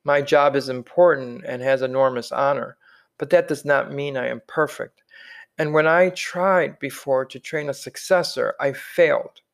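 A man reading the part of a weary old man who carries heavy memories, speaking slowly with sighs. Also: medium pitch, gravelly, lightly acted. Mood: patient. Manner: slow, weighted, sighing. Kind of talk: audiobook character reading.

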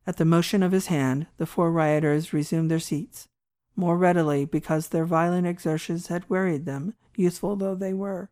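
A woman narrating a classic short story in a measured, expressive storytelling manner. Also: lowish voice. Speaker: audiobook narrator.

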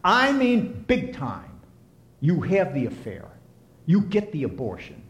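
A man preaching a sermon and counseling as he talks, impassioned, swinging from soft to emphatic. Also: sits high, huge pitch swings, slow pace. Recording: echoey room.

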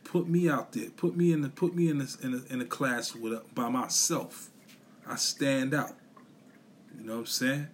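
A man's voice: medium pitch, fairly even intonation, moderate pace, a little hiss or hum. A man on a podcast giving a blunt, profane, repetitive motivational rant, full of slang. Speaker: podcast host.

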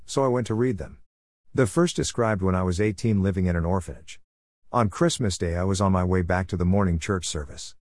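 Male narrator, lowish voice, earnest measured reading of a religious testimony, dry booth sound. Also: a little mellow, dry recording. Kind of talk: scripted narration of a heaven testimony.

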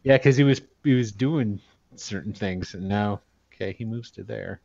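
A man narrating as game master in an online tabletop game, halting and full of fillers and chuckles. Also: lowish voice, vocal fry, a little mellow, dry recording, lo-fi sound.

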